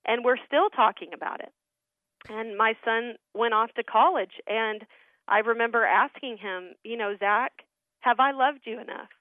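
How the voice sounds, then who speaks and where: A middle-aged woman tells family stories as a guest on a radio interview, earnest and animated, her voice sitting a little high. She comes through a tinny phone line with a dry, close sound. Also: unhurried, no echo. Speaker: guest, ministry founder.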